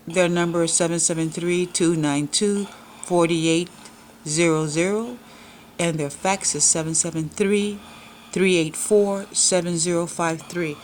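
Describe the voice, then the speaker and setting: A woman visiting to interview a man at home, asking brisk questions and affirming what he says. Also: fairly low pitch, a little hiss or hum, poor audio. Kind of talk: casual interview. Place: home bedroom.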